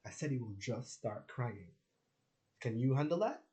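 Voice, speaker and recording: A young man rambles through his stories in a casual vlog, his voice sitting at an ordinary middle pitch. He leans on filler words and swears freely, and he slips into voices when he quotes other people. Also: expressive, moderate pace, warm tone, a little hiss or hum. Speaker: vlogger. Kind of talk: casual storytelling monologue.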